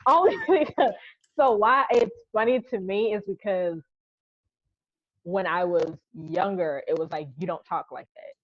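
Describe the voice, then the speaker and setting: A woman's voice: medium pitch, unhurried, no room sound. A woman from Charleston with a Charleston accent, co-hosting a casual chat podcast and telling stories animatedly. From Charleston, South Carolina. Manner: animated storyteller, spells words out. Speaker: podcast co-host. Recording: dull lo-fi sound.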